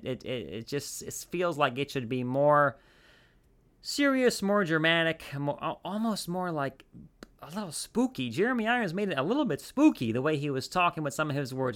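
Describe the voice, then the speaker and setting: A man's voice: mid-range voice, a bit bright, clean tone. A man hosting a podcast, talking in a casual, rambling way with lots of restarts and asides. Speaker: podcast host.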